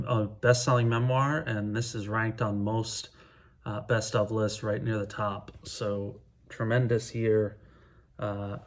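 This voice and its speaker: Easygoing middle-aged man, unhurried. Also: fairly low pitch. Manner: easygoing and enthusiastic, with frequent hesitant pauses. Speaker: music vlogger. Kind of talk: casual talk to camera counting down favorite records.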